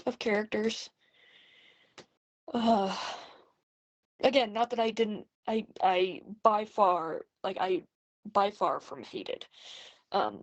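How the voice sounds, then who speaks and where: A woman's voice: fairly high pitch, vocal fry, dry recording. A woman chatting casually in a voice message about books she is reading, talking in an earnest, rambling, hesitant way. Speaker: book vlogger. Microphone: phone voice messaging app.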